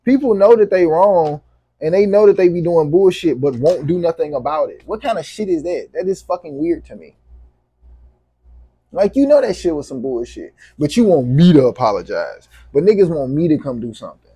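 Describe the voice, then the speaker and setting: Husky man venting, heated and profane. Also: fairly high pitch, very animated, moderate pace, dark tone, dry recording. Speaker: vlogger. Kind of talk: venting to camera.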